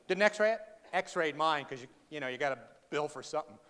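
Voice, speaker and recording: Wry, high-voiced man telling a story on stage. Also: animated, fairly quick, fairly bright tone, clean tone. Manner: wry, sarcastic, teasing the audience. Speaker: keynote speaker. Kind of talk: comedic storytelling to a live audience. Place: large hall before an audience. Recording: live hall recording with long reverb.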